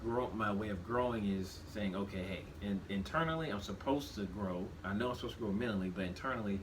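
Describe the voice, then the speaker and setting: A man in his thirties with a low, grounded voice talks through his thoughts in a shop, circling back and restarting sentences as he goes. A steady background noise sits under everything he says. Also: a little fast. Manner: reflective, restarts often, animated when quoting himself. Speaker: podcast co-host. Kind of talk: casual conversation.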